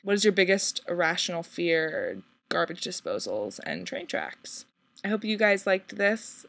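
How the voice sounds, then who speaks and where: Very animated yet a little slow, this young woman has a lowish, gravelly voice with a bit of brightness. She's a vlogger on a shared channel, answering viewer questions in a casual vlog full of giggles, free swearing, and rambling "like"s.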